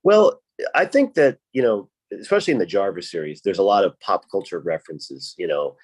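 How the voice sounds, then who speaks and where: Lower-voiced chatty man from Rhode Island. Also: animated, fairly quick, a little mellow, slightly rough. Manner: chatty, laughs often. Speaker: podcast host. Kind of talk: casual chat.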